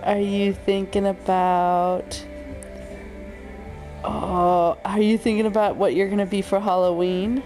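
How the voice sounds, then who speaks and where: A young mother talking softly to her sick son, coaxing him with gentle, sing-song questions. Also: medium pitch, flat delivery, takes it slowly, soft background music. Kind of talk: tender talk to a sick child.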